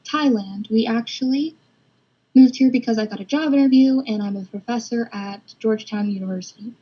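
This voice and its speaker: A woman voicing a friendly, chatty woman neighbor in a storyboard read-through, higher than her own talk. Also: fairly quick, husky, dull audio. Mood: welcoming.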